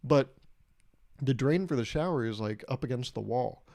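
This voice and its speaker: A man's voice: medium pitch, moderate pace, creaky, dark tone. A young man hosting a casual solo podcast, rambling through a story and laughing at his own jokes. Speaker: podcast host.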